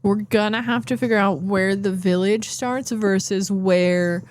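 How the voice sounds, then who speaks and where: A tired woman streamer rambling and thinking out loud as she plays a game, with playful asides. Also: medium pitch, steady tone, measured pace, slight background noise. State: yawning, tired. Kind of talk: casual gameplay commentary.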